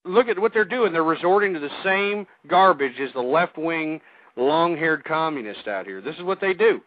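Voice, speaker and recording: A man's voice: a little high, lively intonation, normal speed, no echo. A man hosting a talk radio show, angry and ranting at callers, often repeating himself. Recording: tinny phone-line audio, dry.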